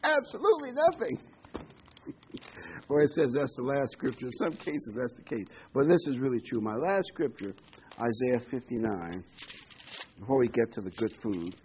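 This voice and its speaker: A man preaching a sermon, animated and repeating key words for emphasis, heard on a dull lo-fi recording. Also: medium pitch, moderate pace, slight background noise.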